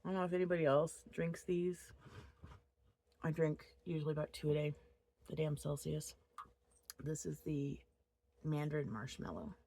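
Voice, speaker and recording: Low, gravelly-voiced woman chatting at home. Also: moderate pace, long pauses, warm tone, slight background noise. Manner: rambling, chatty, openly upset. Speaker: crochet vlogger. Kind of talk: casual chat to camera. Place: home office.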